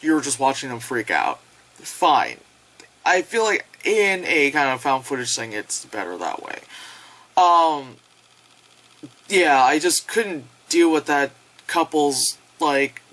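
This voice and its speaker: A woman's voice: rumbling low, fairly bright tone, rough recording. Rambling young woman reviewing a film. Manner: rambling, filler-heavy, swears, acts out characters in quotes. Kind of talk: casual spoken review. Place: home, late at night.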